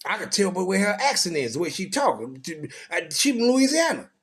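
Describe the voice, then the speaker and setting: A man preaching from scripture in a crude, profane way, firing rhetorical questions and rising into loud, high bursts. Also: big pitch swings, normal speed, husky.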